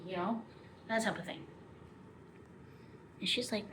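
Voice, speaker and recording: A woman's voice: medium pitch, steady tone, measured pace, pauses often, a bit bright, a little hiss or hum. A woman vlogger in a casual monologue, retelling a story passionately and rambling, at times dropping to near whispers.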